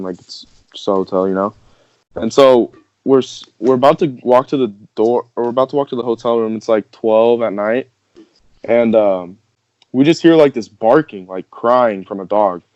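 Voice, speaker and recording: A man's voice: medium pitch, a little mellow, dry recording. A young man telling a story casually on a podcast, rambling with many fillers and laughing as he goes. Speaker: podcast host. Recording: dull, dry podcast audio.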